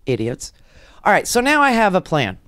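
A woman hosting a political talk radio show, delivering a rambling, animated monologue into a close studio mic and acting out the people she quotes. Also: medium pitch, fast, no room sound.

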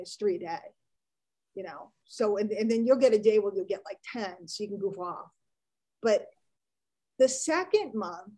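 A woman business coach, giving a chatty, animated live online training. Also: mid-range voice, poor audio.

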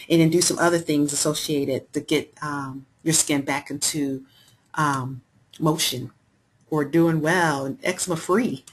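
A woman's voice: low voice, a little hiss or hum. A woman hosting a live health webinar, talking in a chatty way and reading out and answering viewers' chat messages. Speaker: webinar host.

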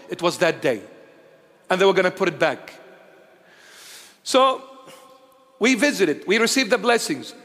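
A man of Assyrian heritage preaching a sermon, telling stories in an animated way that swings between loud declarations and hushed asides. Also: high-pitched, long reverb tail.

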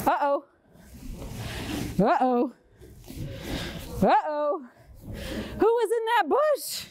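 A woman librarian reads a picture book to young children, prompting them to make sounds and act along. Her voice is high, swoops constantly and moves at an unhurried pace. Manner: animated, sing-song, coaxing children to join in. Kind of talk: children's storytime reading.

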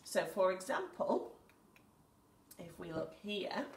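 Woman, English accent, primary teacher, encouraging, lowish voice, roomy echo. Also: lively intonation, moderate pace, recorded from a distance, slight background noise. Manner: clear, patient and encouraging, reads story lines aloud with emphasis. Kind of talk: recorded lesson for young children. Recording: echoey room, speaker away from the mic.

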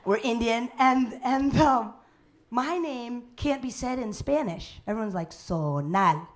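A woman hosting a live stand-up comedy show, loud and playful, working the crowd. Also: on the high side, measured pace.

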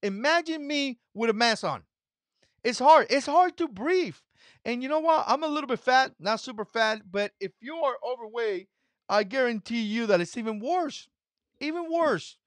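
A man's voice: very high voice, expressive, normal speed, a bit bright, no room sound. A man whose first language is not English, hosting an opinion commentary vlog in an emphatic, mocking way that repeats its points. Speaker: channel host.

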